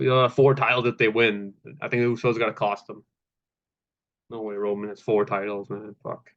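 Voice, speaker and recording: A man's voice: mid-range voice, fairly bright tone, muffled recording. A man casually recapping a wrestling show, laid-back, with lots of fillers and swearing, acting out the quotes.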